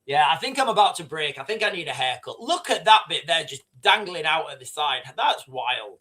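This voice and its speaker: A man's voice: on the high side, very animated, moderate pace, pushed and bright. A man hosting a casual livestream, rambling and repeating himself as he reads out viewer comments. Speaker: livestream host.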